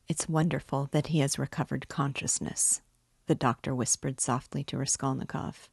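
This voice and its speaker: A woman reading a classic novel aloud in a slow, measured way. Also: low-pitched, dry recording, clean studio sound. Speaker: reader and literature guide. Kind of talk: audiobook narration of a classic novel.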